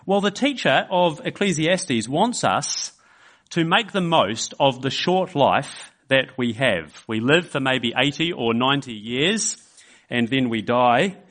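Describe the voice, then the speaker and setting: A man's voice: mid-range voice, a bit bright. A man preaching a sermon in a church service, conversational, with fillers and restarts. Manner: acts out quoted voices in an illustration.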